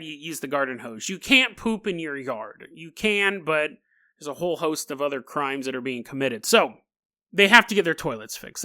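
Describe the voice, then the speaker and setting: Bright, animated man telling stories. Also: a little high, clean tone. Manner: animated and jokey, laughs often, asides to the listener. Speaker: podcast host. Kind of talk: comedic storytelling podcast.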